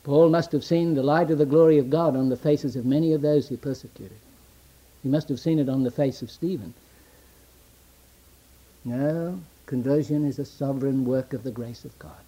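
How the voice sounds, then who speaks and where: A man preaching a sermon, swinging between loud declamation and hushed near-whisper, quoting scripture in old-fashioned wording. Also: medium pitch, moderate pace.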